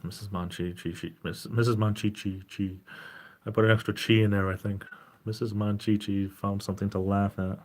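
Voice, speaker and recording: A man in his forties chatting casually on a live stream in a gentle, caring tone, rambling and breaking off mid-sentence as he greets viewers. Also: on the low side, level tone, normal speed. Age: 40s. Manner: rambling, self-interrupting, greets chat viewers.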